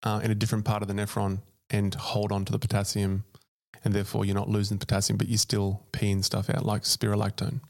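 Low, gravelly man. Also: completely flat delivery, fast talker, darkish tone. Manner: dry, matter-of-fact, adds short remarks. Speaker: podcast co-host. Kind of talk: casual educational chat.

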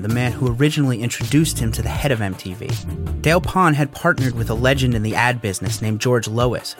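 Man narrating a documentary. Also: medium pitch. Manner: clear, steady documentary delivery. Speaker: podcast host and narrator. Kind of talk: scripted narration.

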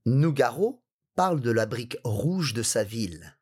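Husky French man reading aloud. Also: medium pitch, very animated, darkish tone. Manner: reads text in clear chunks, asks quick questions. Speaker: native-speaker co-host. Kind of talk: reading a text aloud and chatting.

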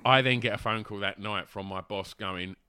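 A man's voice: fairly low pitch, steady tone, normal speed, bright, forceful tone, clear, resonant tone, dry recording. A man telling a long casual story, rambling with fillers and restarts and laughing as he goes. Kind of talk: casual anecdote.

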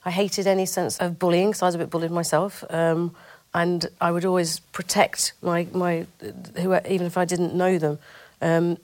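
A woman's voice: lowish voice, flat delivery, normal speed, a little mellow. A middle-aged woman with a northern English accent, an actress talking candidly in an interview, thoughtful and full of restarts. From Rochdale, northern England. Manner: thoughtful, with frequent restarts and hesitations.

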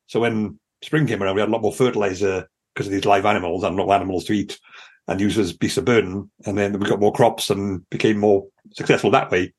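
A man's voice: lowish voice, steady tone, fast talker, husky. A British man co-hosting a podcast, telling rambling stories in casual chat and laughing often. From Britain. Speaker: podcast co-host.

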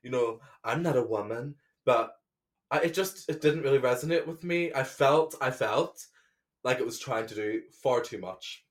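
A man's voice: mid-range voice, normal speed. A man co-hosts a laid-back chat podcast in an ordinary, mid-range voice. He talks in a playful, jokey way, rambling and restarting his sentences as he goes. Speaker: podcast co-host. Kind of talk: casual chat.

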